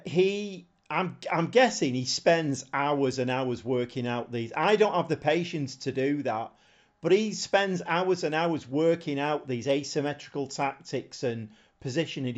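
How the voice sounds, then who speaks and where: A man chatting casually on a live stream, thinking aloud in a rambling way and chuckling often. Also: a little high. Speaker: game streamer.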